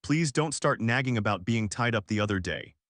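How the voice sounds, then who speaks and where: A man voicing a calm, confident young male noble heir, recorded dry and close. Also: fairly low pitch, fairly quick, dry recording.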